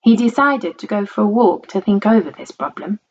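A woman reading a children's storybook aloud in a playful, expressive way. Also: mid-range voice, moderate pace, slightly rough. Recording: dull lo-fi recording.

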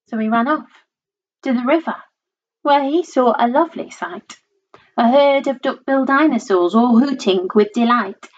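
A woman reading a rhyming storybook aloud in a lilting, rhythmic, expressive voice, on a dull lo-fi recording. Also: on the high side, normal speed.

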